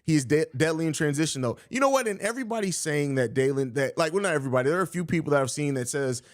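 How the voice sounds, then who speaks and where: A man's voice: fairly high pitch, lively intonation, very fast, dry recording, clean studio sound. A young man hosting a live sports podcast, reading viewer questions and answering bluntly with jokes, calling people bro. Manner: blunt, joking, says bro a lot. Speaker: podcast host.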